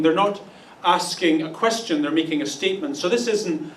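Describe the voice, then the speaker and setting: Wry high-voiced pastor in an echoey hall. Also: male voice, normal speed, few pauses. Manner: wry, playful asides with mock voices. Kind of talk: humorous Easter sermon. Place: church auditorium. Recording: echoey room, distant mic.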